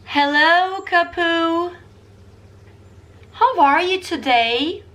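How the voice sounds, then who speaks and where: A woman voicing a kindly grandmother who gently asks after her grandson. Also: very high voice, drawn-out words, pitched above the performer's own voice, heavily acted. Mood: gentle.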